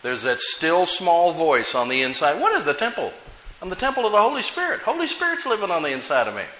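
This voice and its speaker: A man's voice: fairly high pitch, huge pitch swings, fast, bright, forceful tone. An American man preaching a sermon as pastor, telling stories with rising emphasis. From United States. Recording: echoey room, dull lo-fi sound.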